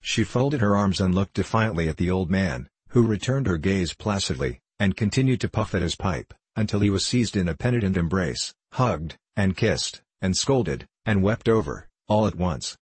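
A man narrating a storybook in a measured, even way. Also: low voice, slightly rough, no echo. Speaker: audiobook narrator. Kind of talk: scripted narration.

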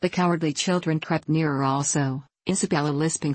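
A woman with a notably low voice reads a classic novel aloud in a measured, unhurried storytelling manner. The sound is close and dry, with no room around it. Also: fairly even intonation, darkish tone, no room sound, low-quality recording. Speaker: audiobook narrator. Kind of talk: scripted narration.

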